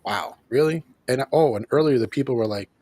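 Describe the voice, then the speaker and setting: A man hosting a show, casually recapping an episode in an animated way, acting out lines and laughing often. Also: mid-range voice, brisk, husky, no echo. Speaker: host of a show reviewing an episode.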